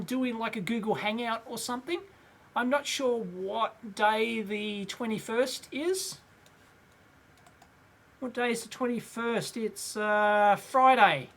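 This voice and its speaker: A middle-aged Australian man hosts a casual live Q&A, rambling with plenty of fillers and chuckling often. His voice is very high and fairly bright.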